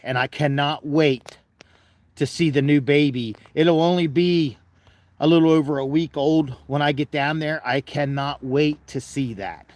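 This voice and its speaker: A man's voice: on the high side, dry recording. A man hosting a casual livestream, talking in a folksy, chatty way and fussing affectionately over an animal. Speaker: livestream host.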